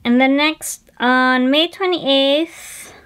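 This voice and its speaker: Slow-talking, chatty female stitching vlogger. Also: high-pitched, a bit bright. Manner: chatty and digressive, with frequent fillers and self-corrections. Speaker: flosstube host showing cross-stitch finishes. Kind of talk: casual show-and-tell chat.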